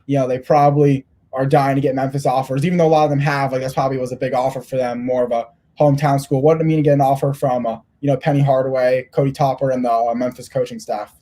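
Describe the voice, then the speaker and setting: A man's voice: mid-range voice, level tone, fast, hardly any pauses, dark tone. A man interviewing a young player, rambling with lots of restarts. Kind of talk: casual interview.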